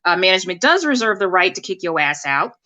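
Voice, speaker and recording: A woman hosting a live-stream talk show, lively and chatty, laughing often. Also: on the low side, fast talker.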